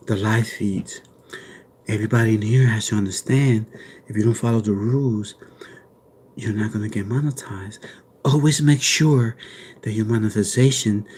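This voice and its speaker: Whispered role-play: a deep, slow, murmuring male ASMR presenter, put on by a man, soft whispery tone, mock-solemn. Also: slightly rough.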